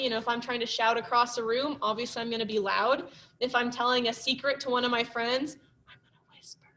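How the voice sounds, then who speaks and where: A woman's voice: high voice, fairly bright tone. A young woman giving a casual classroom presentation, chatty, with lots of "um" and "like" fillers. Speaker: student presenter.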